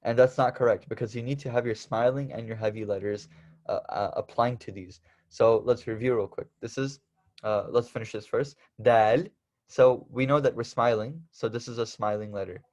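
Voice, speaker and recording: A man's voice: mid-range voice, normal speed, darkish tone, lo-fi sound. A young man teaching the Arabic alphabet in a casual lesson, patiently repeating and stressing each letter sound.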